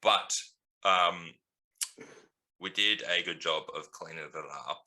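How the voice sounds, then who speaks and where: A low-pitched man with a bright, forceful tone, co-hosting a casual podcast. He rambles through a story with frequent ums and laughs, talking like he's among mates. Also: steady tone, slow. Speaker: podcast co-host.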